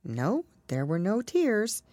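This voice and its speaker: A woman reading a storybook aloud in an expressive, measured way. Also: mid-range voice, dry recording. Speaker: storybook reader. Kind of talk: storybook narration.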